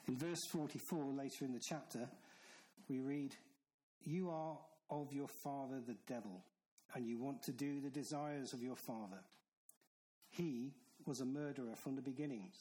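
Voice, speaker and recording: A man's voice: medium pitch, moderate pace, warm tone, low-quality recording. A man preaching a sermon in an earnest, stern manner, with emphatic repetition. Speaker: pastor.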